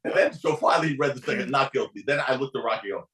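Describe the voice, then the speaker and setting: A man races through a courtroom story as a guest attorney in a podcast studio, animatedly voicing the people in it with big pitch swings. The room is echoey and the recording rough.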